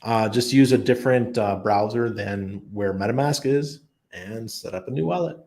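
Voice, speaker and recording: A man with a lowish, gravelly voice hosts a relaxed livestream. He reads out viewer comments one after another and answers each one off the cuff, chatting loosely and thinking aloud as he goes. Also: moderate pace. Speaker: crypto livestream host. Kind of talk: casual live chat, reading viewer comments. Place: home in Panama.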